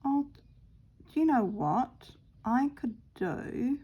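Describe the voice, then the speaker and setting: A woman casually talking viewers through her stitching, chatty and quick to laugh at her own mishaps. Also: sits high, expressive, husky, lo-fi sound. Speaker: craft vlogger.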